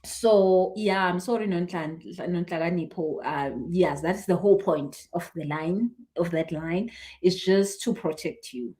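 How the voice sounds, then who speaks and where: A woman, a spiritual healer chatting casually on a live stream, animated and quick to laugh. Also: on the low side. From South Africa. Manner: animated, chatty, laughs often, acts out what people say. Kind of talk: casual live-stream chat answering viewers.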